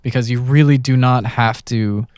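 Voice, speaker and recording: A male podcast host telling stories with animated energy, at a mid-range pitch. The sound is dry and close to the mic. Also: moderate pace, clear, resonant tone, no room sound. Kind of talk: casual podcast chat, storytelling.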